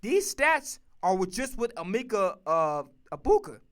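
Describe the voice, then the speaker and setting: A man's voice: sits high, huge pitch swings, unhurried, fairly bright tone. A man streaming, ranting casually and profanely about football picks, emphatic and repetitive. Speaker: streamer and sports commentator. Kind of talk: casual sports opinion rant.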